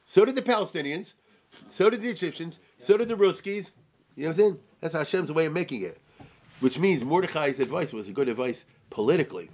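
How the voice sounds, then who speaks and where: A man teaching an informal, joking Torah class, animated and often asking his listeners rhetorical questions. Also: on the high side, brisk.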